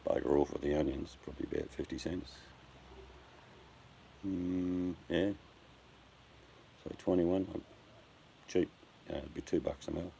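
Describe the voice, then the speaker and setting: A man's voice: a bass voice, fairly even intonation, unhurried, vocal fry, long pauses, dark tone. An older Australian man chatting casually on a live stream, blunt and joking, addressing his viewers by name. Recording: faint background noise.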